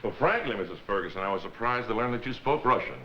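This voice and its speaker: A man's voice: lowish voice, lively intonation, fast, highs cut off, a little hiss or hum, natural voice. An actor playing a genial middle-aged governor and father, easygoing with a dry sense of humor. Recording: echoey old TV sound with loud music.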